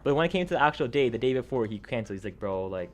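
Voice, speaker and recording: A man's voice: mid-range voice, very fast, a little hiss or hum. A young man telling a gaming story in a casual, rambling way, full of slang, swearing and fillers, his energy rising and falling. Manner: animated, jumps up and down in energy.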